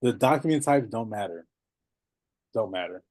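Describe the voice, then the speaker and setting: Mężczyzna prowadzący luźny wykład, suche nagranie. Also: male voice, fairly low pitch, moderate pace, no room sound. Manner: animated, laughs often, repeats phrases. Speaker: notary business coach. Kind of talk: casual teaching talk.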